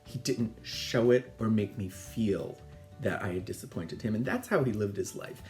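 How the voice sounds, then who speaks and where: A middle-aged man, the host, telling family stories in a chatty, animated way and laughing often. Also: fairly low pitch, normal speed, soft background music. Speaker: podcast host. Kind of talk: casual storytelling.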